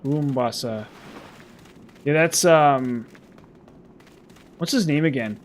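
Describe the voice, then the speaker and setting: A man's voice: mid-range voice, takes it slowly, a little hiss or hum. A man giving casual, rambling and sarcastic commentary while playing a video game. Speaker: gameplay commentator.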